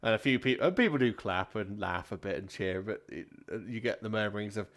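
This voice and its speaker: A man narrating a tabletop game as game master, describing the scene in a lively way. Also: fairly low pitch, a little fast.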